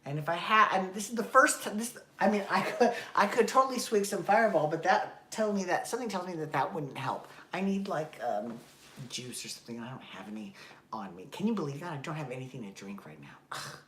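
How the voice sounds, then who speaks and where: Woman host, casual exasperated recap rant, a bit hoarse from dry throat, lower register, echoey room. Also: animated, brisk, sharp tone, a little hiss or hum. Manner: exasperated, profane, rambling. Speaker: podcast host.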